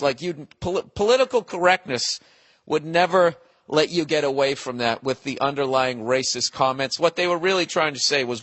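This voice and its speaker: A man's voice: mid-range voice, normal speed, fairly bright tone, big-room sound. A man hosting a podcast, delivering a profane, digressive comedic monologue. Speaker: podcast host.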